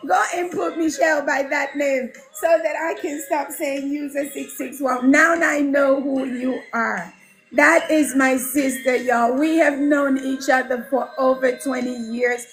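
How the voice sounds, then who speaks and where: Livestream host, woman, high and lively voice, greets fans one by one, faint music behind. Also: unhurried. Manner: chatty, laughing, greets viewers by name. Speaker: livestream host and home care business mentor. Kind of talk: casual livestream chat reading viewer comments.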